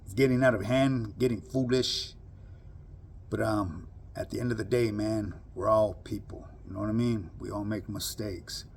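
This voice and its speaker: A man's voice: lowish voice, fairly even intonation, normal speed, creaky, breathy edge. A man giving a blunt, profane monologue full of street slang to his online audience. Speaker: social media commentator. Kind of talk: casual monologue to camera.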